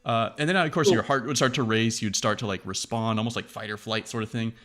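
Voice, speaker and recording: A man hosting a casual tech chat, rambling and profane, acting out quoted reactions in a lively way. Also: on the low side, fast talker. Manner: animated, acts out quoted reactions.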